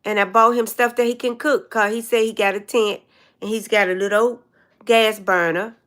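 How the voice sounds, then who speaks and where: A woman's voice: medium pitch, fairly even intonation, moderate pace, a bit bright. An older woman hosting a casual livestream chat, telling long meandering stories and greeting viewers. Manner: rambling, meandering storyteller. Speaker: livestream host.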